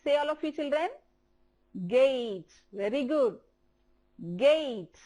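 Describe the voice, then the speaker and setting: A woman with an Indian English accent teaches a primary-level English lesson broadcast on television, speaking slowly and repeating words for the children to follow. Her voice sits high, is expressive, and has a somewhat dark tone.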